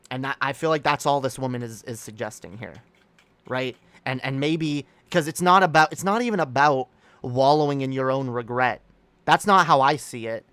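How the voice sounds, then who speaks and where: A man hosting a livestream rambles through his thoughts, stopping and restarting often, and reads comments out to react to them. His voice sounds smooth and clear at a middling pitch. It is recorded close up and dry. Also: sharp tone, no room sound. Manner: rambling, halting with many restarts. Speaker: streamer host.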